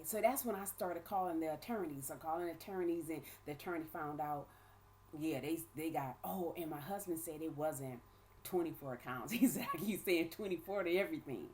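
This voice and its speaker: In a laid-back vlog recorded at home, her child close by, a woman tells a personal story, performing quoted dialogue with changing voices. Her low voice moves at a moderate pace, peppered with frequent laughs and check-ins like "right?" and "okay?", against a little hiss or hum.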